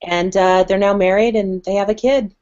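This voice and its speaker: A woman's voice: mid-range voice, fairly even intonation, moderate pace, a little mellow. A young adult woman chatting candidly, telling personal stories with lots of "like". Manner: candid, storytelling, uses "like" a lot. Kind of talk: casual chat. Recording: dull lo-fi stream audio.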